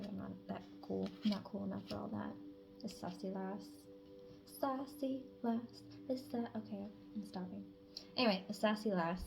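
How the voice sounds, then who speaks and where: A woman's voice: medium pitch, creaky, a little mellow. A woman reading tarot messages in a casual, chatty way, swearing freely and sometimes dropping to a whisper. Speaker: tarot reader.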